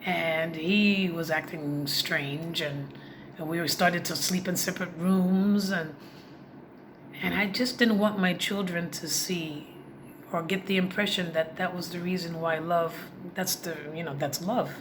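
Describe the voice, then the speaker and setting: Low-voiced woman confiding a story. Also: fairly even intonation, unhurried. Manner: heartfelt and confiding, addresses viewers directly. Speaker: vlogger. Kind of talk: personal storytelling to camera. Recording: noisy background.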